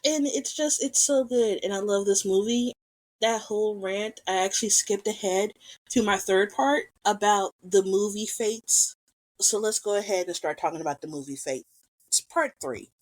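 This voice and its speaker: A woman hosting a casual film commentary, talking with rambling enthusiasm and gushing over scenes she loves. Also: mid-range voice. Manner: enthusiastic, rambling, quick to gush. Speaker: podcast host.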